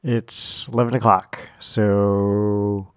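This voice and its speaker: Slow-talking male gameplay commentator. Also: lowish voice, little pitch movement, clean tone, no echo. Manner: joking, rambling, reads menus aloud. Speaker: gamer. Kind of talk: let's play commentary.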